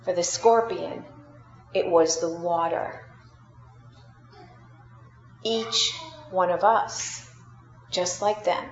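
Woman preaching a sermon, slow and deliberate, echoey church sound, kinda muffled. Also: mid-range voice, a little hiss or hum. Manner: slow, deliberate storytelling, rising and dropping for emphasis. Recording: roomy, dull sound with faint ambience.

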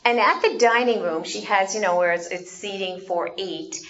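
A woman giving an animated storytelling talk, asking her audience questions as she goes. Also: mid-range voice, moderate pace, muffled recording. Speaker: speaker.

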